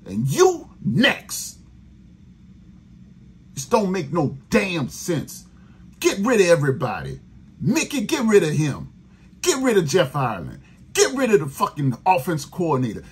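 A raspy-voiced man rants on a sports podcast, cursing and exasperated. His voice is rough and husky, and it swings up and down in pitch as he complains. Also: huge pitch swings, moderate pace. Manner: profane, exasperated ranting. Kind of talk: angry fan rant.

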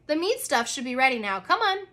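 A woman's voice: sits high, very animated, fairly quick, bright, forceful tone, heavily acted. A woman voicing a kind, eager preteen boy in a children's book reading, speaking in a friendly, helpful way. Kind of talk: children's book read aloud.

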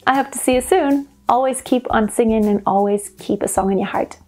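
A woman voice teacher explaining singing technique clearly, step by step, in a lesson. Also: a little high, brisk, a little mellow, faint music behind.

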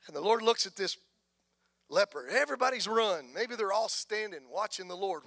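A man with a Southern US accent preaching a sermon as pastor, impassioned, swinging from soft talk to shouting. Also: high-pitched, lively intonation, moderate pace, vocal fry, no echo, clean studio sound.

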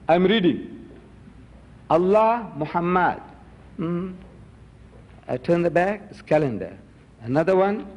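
A man giving an emphatic public lecture, firing rhetorical questions at his audience. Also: high-pitched. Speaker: Muslim lecturer. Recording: dull recording in a reverberant hall.

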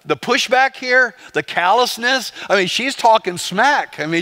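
A man's voice: sits high, expressive, a little slow, pushed and bright. A man, a pastor, preaching a conversational sermon with rhetorical questions to the congregation.

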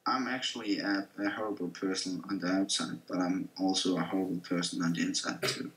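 A man's voice: low-pitched, fairly even intonation, a little fast, a bit bright, roomy sound, low-quality recording. A man playing a game alongside the host, chatting casually and throwing in crude, teasing jokes. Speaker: co-player.

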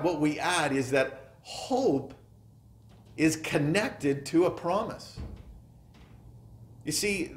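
A male pastor delivers an earnest sermon in an unhurried, deliberate cadence. His pitch rises and falls widely as he stresses key words, and his voice rings through a reverberant chapel. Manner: earnest, emphatic, trails off softly at phrase ends. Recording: echoey chapel room.

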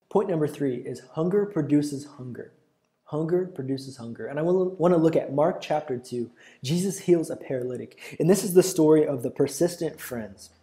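Earnest young male preacher, mellow voice. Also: fairly high pitch. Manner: earnest, builds to loud cries when quoting scripture. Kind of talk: sermon.

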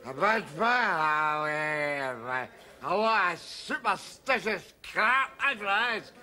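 A mouthy drunk. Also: male voice, high-pitched, lively intonation, slow, bright, forceful tone, heavily acted. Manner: combative, stammering rants. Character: belligerent middle-aged drunk man, mouthy and cynical. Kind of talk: TV sitcom acting.

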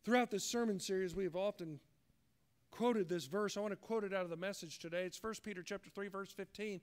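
A man's voice: high-pitched, a little fast, clear, resonant tone. A man as a pastor preaching a sermon earnestly, acting out the voices he quotes.

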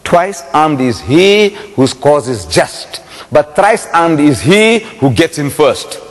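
A man's voice: on the high side, very animated, slow pace. A man giving a public religious lecture, telling a story dramatically and firing rhetorical questions at the audience. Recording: long hall reverb.

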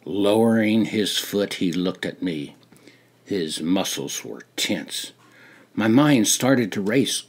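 An older man reading his own memoir aloud, slow and deliberate, rising for dramatic moments and dropping to a hush. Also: on the low side, slightly rough. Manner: slow, deliberate storytelling with dramatic rises and hushed drops. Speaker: memoir narrator.

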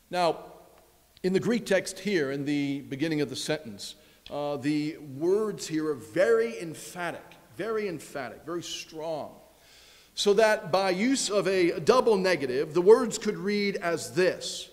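Emphatic high-voiced preacher in a reverberant church. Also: male voice, expressive, measured pace. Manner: emphatic, repeats key phrases, drops low at phrase ends. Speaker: pastor. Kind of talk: sermon. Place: church sanctuary.

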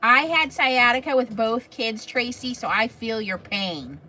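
Female craft-stream host, bright-ish higher voice, casual and chatty, replies to viewers' comments as she works. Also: unhurried. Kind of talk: casual livestream chat.

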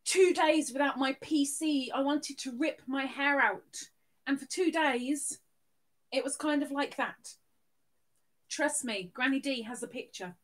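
Woman on a live stream, high voice, slow easy pace, chatty, shouts hellos at viewers. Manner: chatty, greets viewers by name with loud bursts. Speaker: livestream host. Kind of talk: casual live-stream chat.

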